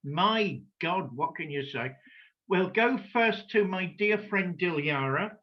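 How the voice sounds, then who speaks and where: A man's voice: high voice, animated, takes it slowly. A man hosting a video call panel, introducing guests with wry, theatrical flair. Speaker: host. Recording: dull lo-fi video call audio.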